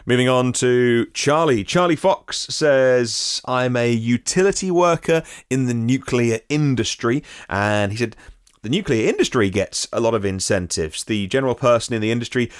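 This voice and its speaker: A man's voice: mid-range voice, expressive, normal speed, smooth, no room sound. A man hosting a daily news podcast, reading out listener comments and adding wry, sarcastic asides of his own. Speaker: podcast host.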